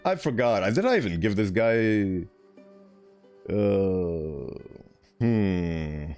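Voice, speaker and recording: A man's voice: deep voice, expressive, very slow, a little mellow, soft background music. A young man chatting casually while streaming a video game, rambling and laughing at himself. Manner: rambling, self-mocking, giggly. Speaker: VTuber streamer.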